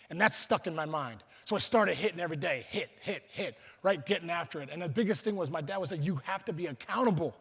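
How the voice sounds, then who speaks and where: Telling stories at a luncheon, a middle-aged man from Pittsburgh, USA speaks as a guest in a large, reverberant banquet hall. His voice is high-ish, a bit bright, and husky, and he voices the people he quotes while frequently restarting sentences.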